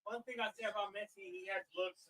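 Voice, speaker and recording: A man's voice: high voice, fairly even intonation, quick pace, pushed and bright, recorded from a distance, rough recording. A man co-commenting on a soccer final in a casual stream, teasing and often stumbling for words. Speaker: guest co-commentator. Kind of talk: casual live match watch-along commentary.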